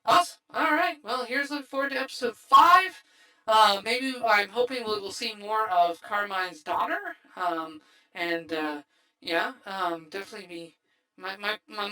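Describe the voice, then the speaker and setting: Speaking through a voice changer, this male streamer sits high in pitch with a sharp tone and a moderate pace, and the audio is poor. It's a casual wrap-up chat at the end of his stream, rambling with plenty of fillers and restarts.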